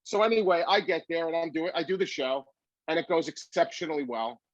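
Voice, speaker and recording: A comedian as a guest, telling a long story with animated delivery. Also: male voice, on the high side, a little fast, no echo, lo-fi sound.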